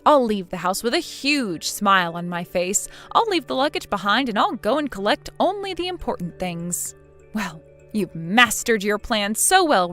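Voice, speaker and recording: Woman playing a sarcastic young wife, quietly mocking, lively pitch, soft music behind. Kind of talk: scripted text-message drama reading.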